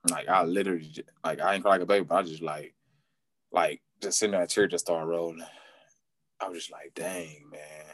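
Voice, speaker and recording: A low-voiced man tells his story with lively animation, jumping high in pitch whenever he acts out what people said. He laughs often between lines. The sound is dry and close, with no room echo. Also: quick pace. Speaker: football player guest.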